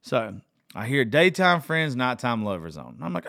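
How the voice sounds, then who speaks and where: A man's voice: medium pitch, sing-song, moderate pace, creaky, a bit bright, no room sound. Casual rambling man. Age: middle-aged. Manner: casual, emotional, swears freely, rambling. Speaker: vlogger. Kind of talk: emotional personal storytelling.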